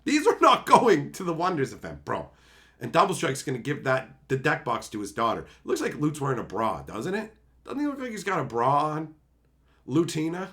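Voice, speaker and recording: Male streamer, young adult, bright and forceful, profane theatrical rant. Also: a little high, sing-song, normal speed. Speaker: livestreamer. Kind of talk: livestream rant.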